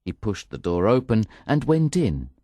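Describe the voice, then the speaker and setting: A man reading a story aloud in an expressive, measured narration. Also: lowish voice, dry recording. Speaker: audiobook narrator. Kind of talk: scripted narration.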